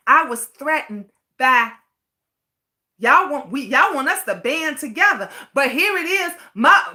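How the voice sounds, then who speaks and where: A high, bright-toned woman vents at the camera in a slow, deliberate rant. She is furious and swears freely, hammering on the same rhetorical questions. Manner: outraged, profane, repetitive rhetorical questions. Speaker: vlogger.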